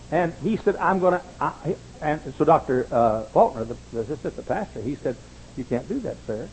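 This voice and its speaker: An older male pastor delivers a storytelling sermon, his voice gravelly and worn. He leaps into high voices for the people he quotes. A faint hiss sits under the recording. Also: a little mellow, poor audio.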